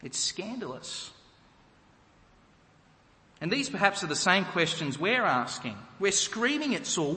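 Slow, bright-voiced preacher man in a reverberant hall. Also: fairly high pitch, very animated. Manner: emphatic, rhetorical questions to the congregation. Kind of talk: sermon.

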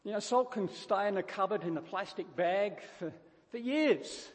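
A man with a notably high-pitched voice delivers a sermon, pressing each point with emphatic repetition and frequent stumbling restarts. His voice rings out with a long reverb tail, as if in a large hall. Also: normal speed. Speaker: preacher.

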